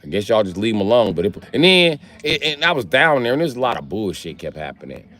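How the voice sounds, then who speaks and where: Animated profane man telling wild stories. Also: fast. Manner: animated, profane, acts out voices, jumps high in pitch. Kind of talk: profane stand-up storytelling.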